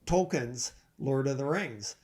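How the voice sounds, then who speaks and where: An older man, a podcast guest, telling a story slowly with pauses. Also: medium pitch, expressive, a little mellow. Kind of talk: casual storytelling.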